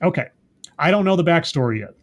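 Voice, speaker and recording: A man casually recapping a TV episode in a chatty, rambling way, often stopping to correct himself with quick asides. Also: fairly high pitch, expressive. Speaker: TV episode reviewer.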